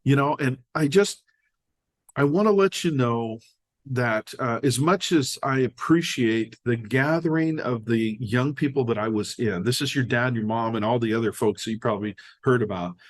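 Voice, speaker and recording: A man's voice: medium pitch, normal speed. An older American man, a podcast guest, telling personal stories in casual conversation and acting out the dialogue. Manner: animated storyteller acting out dialogue.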